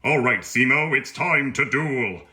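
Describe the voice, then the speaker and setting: A man's voice: medium pitch, lively intonation, unhurried, sharp tone. A man playing a hammy, taunting duelist in a comedy meme skit.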